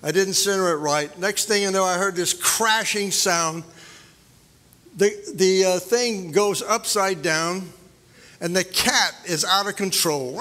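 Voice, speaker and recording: Pastor guy, kinda high voice, rambly folksy sermon story, echoey church. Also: slow, pushed and bright. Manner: folksy storytelling with many fillers. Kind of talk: sermon with prayer and personal story. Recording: long church hall reverb.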